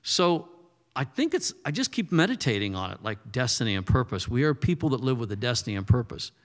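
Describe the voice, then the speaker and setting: A man's voice: medium pitch, big pitch swings, a little fast. A male pastor preaching a sermon in a loose, conversational way, often repeating words as he goes. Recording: reverberant hall.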